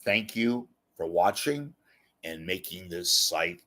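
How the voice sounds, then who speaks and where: A man's voice: low voice, expressive, takes it slowly, fairly bright tone. A man hosting a show, rambling and kvetching in a self-mocking way while he appeals for donations and reads comments. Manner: reads viewer comments aloud. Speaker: show host. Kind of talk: casual monologue with a donation appeal.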